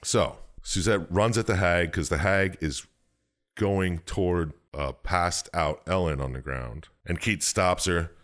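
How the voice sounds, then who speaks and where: Deep-voiced man casually recapping a plot. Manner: rambling, profane, slips into exaggerated high voices for characters. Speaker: podcast co-host.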